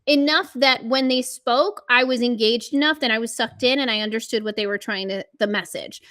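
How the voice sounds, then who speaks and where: A woman telling stories in a casual podcast chat, animated and laughing often, as a guest on a video call. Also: fairly high pitch, fairly quick, no echo, clean studio sound. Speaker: conference organizer and guest.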